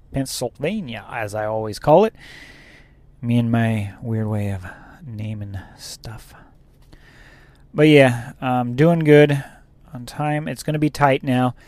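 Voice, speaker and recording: A man's voice: medium pitch, takes it slowly, long pauses, a little mellow, no echo. Rambling trucker man, dry close sound. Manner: rambling, laughs at own story. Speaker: truck driver. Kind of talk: casual chat.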